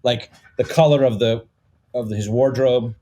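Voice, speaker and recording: A man and comedy filmmaker explaining backstory in a relaxed podcast chat, with many fillers. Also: medium pitch, measured pace. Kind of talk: casual podcast conversation.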